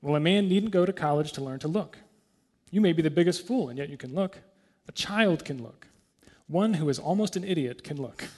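A man's voice: fairly high pitch, animated, brisk, darkish tone. A man reading the part of a plain-spoken, earnest lay preacher who repeats himself bluntly, in a homely manner.

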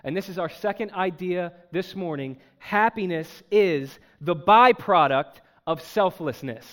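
A pastor delivering a sermon to his congregation, emphatic and animated, with joking asides. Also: sits high, a little slow. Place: church.

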